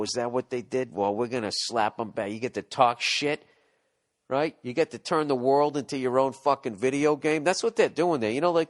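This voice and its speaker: A man hosting a podcast, delivering a rambling, profane, sarcastic comedic rant. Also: medium pitch. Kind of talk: ranting comedic monologue.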